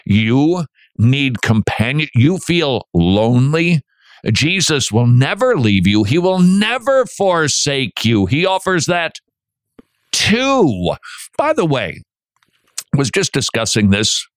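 A man hosting a radio show, preaching in an animated way and acting out quotes in little voices. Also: mid-range voice, slow pace, dry recording. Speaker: radio host.

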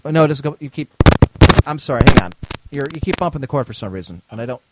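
A man's voice: medium pitch, animated, fast talker, heavy background noise. A man telling a long story in casual chat, acting out both sides of the dialogue and swearing freely. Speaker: podcast co-host.

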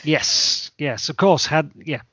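A man co-hosts casually, dropping short, wry remarks into the conversation. His voice sits a touch high, and the sound is dull and lo-fi. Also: slow pace, sharp tone, husky. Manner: wry, sardonic interjections. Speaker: podcast co-host. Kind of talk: casual chat.

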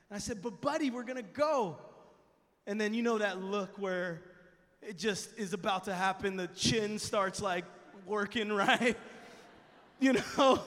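A young adult man preaching at a camp, telling a family story with lively acted-out voices. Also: extremely high pitch. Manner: animated, acts out voices in his story. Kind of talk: sermon storytelling. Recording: large hall with long reverb.

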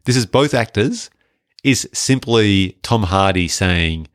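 Co-hosting a film review podcast, a man speaks slowly in a fairly low voice while staying chatty, animated and jokey. The sound is clean studio audio without room sound.

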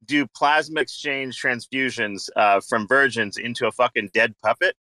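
A man rambles through joking banter with lots of fillers and swearing. His tone is bright and sharp, and the sound is dry with no room around it. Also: medium pitch, moderate pace, no echo. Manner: rambling, profane, filler-heavy. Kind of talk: casual joking chat. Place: online audio chat room.

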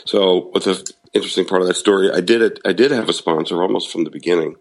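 A man's voice: low-pitched, fast talker, poor audio. A middle-aged man candidly telling a personal recovery story, frank and self-deprecating, laughing at himself now and then. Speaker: guest sharing recovery story.

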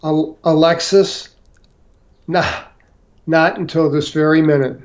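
Slow, halting older man. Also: on the high side, steady tone, highs cut off. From St. Louis, Missouri. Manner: halting, many fillers and restarts. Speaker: interview guest. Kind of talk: storytelling interview.

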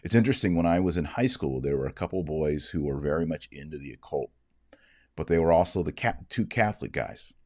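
Low-voiced man giving earnest moral commentary. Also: animated, a little fast, darkish tone, no echo, clean studio sound. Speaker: Catholic commentator. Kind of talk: livestream commentary.

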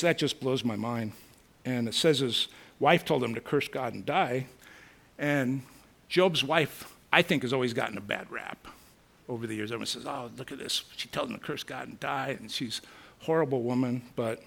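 A man's voice: mid-range voice, gravelly, a bit bright, husky. A man teaching a Bible lesson, earnest and musing, reading scripture aloud and reflecting on it. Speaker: preacher.

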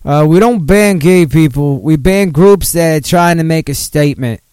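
A man putting on the Boston accent of a gruff older male city mayor who defends himself. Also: a little high, moderate pace, darkish tone, dry recording, natural voice. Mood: defensive.

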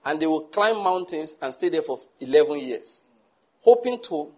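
A man's voice: a little high, expressive, moderate pace. A man preaching a sermon, emphatic and full of rhetorical questions to the congregation.

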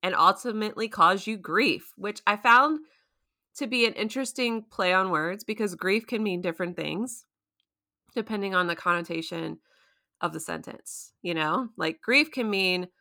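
A woman with a bright, clear tone talks through a show's plot in an easy, conversational way. She slips into quick little impressions of the characters as she goes, keeping the chat lively. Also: mid-range voice. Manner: animated storytelling, acting out quotes with voice shifts. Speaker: podcast co-host recapping a TV episode. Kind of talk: casual chat.

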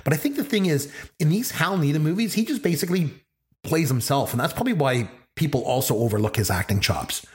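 A middle-aged man co-hosting a casual movie podcast, talking in an animated way and quoting lines in character. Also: on the high side, fast. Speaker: podcast co-host.

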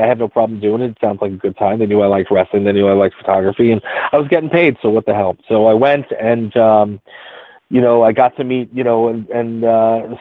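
A man in his forties, a guest telling stories in a rambling, halting way with many restarts. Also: on the low side, no echo. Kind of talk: casual storytelling. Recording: tinny phone-like line, dry.

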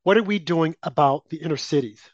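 Indignant talk-show man, higher voice. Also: fairly quick, dry recording. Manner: indignant, rhetorical questions, mocking asides. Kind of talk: political talk radio commentary. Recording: dull lo-fi dry sound.

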